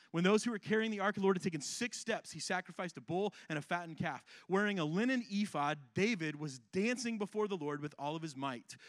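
A man with a fairly high voice preaches a sermon, recorded close and dry. He reads scripture, then riffs on it in an easygoing, humorous style, checking in with the congregation as he goes. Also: fairly bright tone, no room sound. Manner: conversational and humorous, often checking in with "right?". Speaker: pastor.

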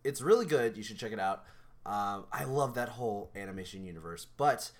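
A young man co-hosting a podcast in casual chat, talking in an animated, rambling way with many restarts. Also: on the low side, brisk. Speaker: podcast co-host.

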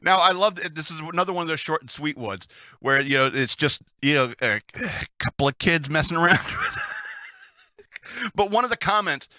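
A man hosts a relaxed storytelling session, reading sea stories with frequent chuckles and side comments. His voice sits a little high and has a very bright, sharp edge. It sounds dry and close, with no room echo. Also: normal speed. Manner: chuckles often, chatty asides. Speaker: host reading Navy stories. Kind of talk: casual storytelling.

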